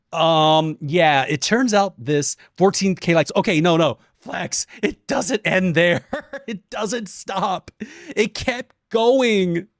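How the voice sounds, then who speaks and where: A young man streaming, chatting casually and telling a story, animated and swearing, acting out quotes in different voices. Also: high-pitched, slow, few pauses, no room sound, studio quality.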